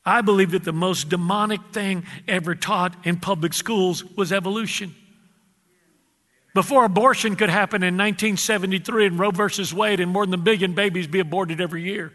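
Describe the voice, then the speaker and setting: A male pastor preaches a sermon in a reverberant hall, his voice high, steady, pushed and bright. In a preacherly style he calls out to the congregation and draws out his key words for emphasis.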